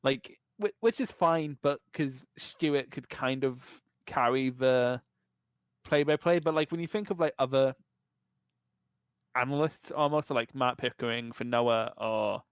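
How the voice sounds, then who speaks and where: A man's voice: medium pitch, measured pace, clean tone, no room sound. A man co-hosting a casual podcast chat, giving blunt opinions and swearing casually. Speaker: podcast co-host.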